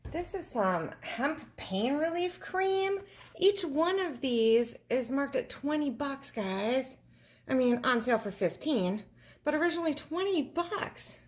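A middle-aged woman vlogging casually, excitable and gushing, often giggling, first from a car at night, then at a table indoors. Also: high voice, unhurried. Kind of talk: casual vlog chat.

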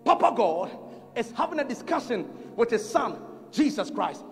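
A man's voice: very high voice, sing-song, moderate pace. A man with a Ghanaian accent preaching a sermon at a conference, driving points home by repeating them and calling for the congregation to respond. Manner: emphatic repetition and call-and-response with the congregation. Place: large conference hall. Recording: reverberant hall, faint music behind.

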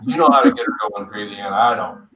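A man's voice: on the low side, huge pitch swings, fast talker, vocal fry, bright, forceful tone. Man, live-stream host, casual chat while eating, muffled lo-fi sound. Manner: chatty, greets viewers by name while eating. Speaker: livestream host doing a spicy food tasting. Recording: dull lo-fi stream audio.

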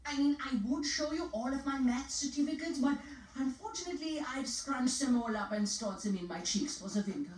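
A woman voicing a fussy, excitable scientist in a cartoon, with theatrical, squealing delivery. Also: sits high, brisk, hardly any pauses, lightly acted. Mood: boastful. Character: fussy scientist professor and a snooty tattletale boy. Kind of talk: cartoon voice acting. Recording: roomy sound from a distance over music.

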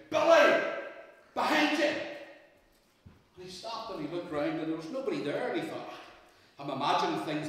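A man telling a children's story at a family church service, asking the congregation lively questions. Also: fairly high pitch. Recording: echoey church from far off.

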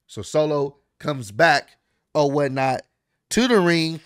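A man with a slightly high voice chats through a recap in a loose, slangy ramble, piling on fillers as he goes. The sound is dry and close. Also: lively intonation, slow, smooth, no echo. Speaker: wrestling recap vlogger. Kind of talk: casual recap chat.

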